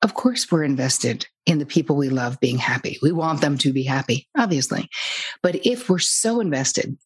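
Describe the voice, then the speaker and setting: A woman guest talking about codependency in a blunt, lively, casual way, sometimes swearing lightly. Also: sits low, moderate pace, breathy edge. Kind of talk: casual storytelling interview.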